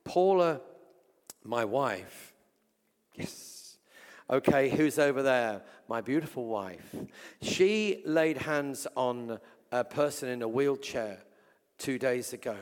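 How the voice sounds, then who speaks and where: An English man preaching a sermon and telling healing stories, swinging between loud exclamations and hushed asides. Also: medium pitch, expressive, slow. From England. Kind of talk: sermon with storytelling. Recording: long reverb from a large hall.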